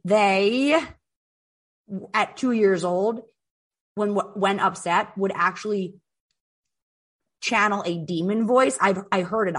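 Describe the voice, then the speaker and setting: A woman hosting a podcast in casual chat, telling stories in an animated way, with lots of "like" and swearing. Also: medium pitch. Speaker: podcast host.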